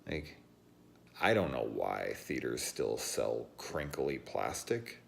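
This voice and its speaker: A very deep-voiced man with a gravelly, fry-heavy edge tells a story in a loose, swearing vlog rant. He laughs between lines, and a faint hiss sits under his voice. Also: takes it slowly. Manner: profane, animated, laughs while telling stories. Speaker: horror movie reviewer.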